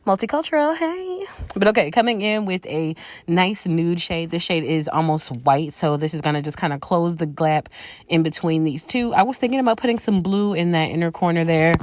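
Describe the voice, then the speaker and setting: A woman talks through a makeup tutorial in a low, easygoing voice. She keeps it chatty, calling the listener baby and y'all. The sound is close and dry. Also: no room sound. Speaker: makeup creator. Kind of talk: casual makeup tutorial voice-over.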